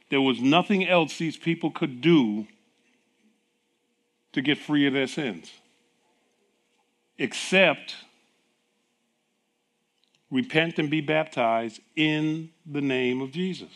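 A man's voice: medium pitch, slow, long pauses. A middle-aged man preaching a sermon, telling stories with acted dialogue and frequent laughs. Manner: animated storytelling with acted dialogue, laughing often. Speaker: pastor.

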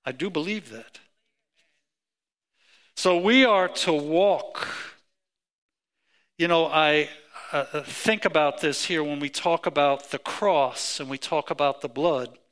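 Bright-voiced, slow, emphatic male preacher. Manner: emphatic preaching with rising pitch and repeated phrases. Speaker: pastor. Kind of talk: sermon.

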